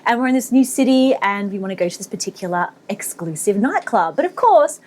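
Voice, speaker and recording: Lively woman telling a story. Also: mid-range voice, a little fast, slight background noise. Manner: animated, laughs often. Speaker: podcast co-host. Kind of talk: casual storytelling chat.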